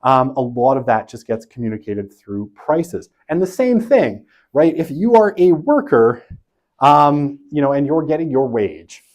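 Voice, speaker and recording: A man's voice: medium pitch, very animated, unhurried, a little mellow. Man giving a casual lecture. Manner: conversational, tags points with "right?". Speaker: university lecturer. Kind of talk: university lecture.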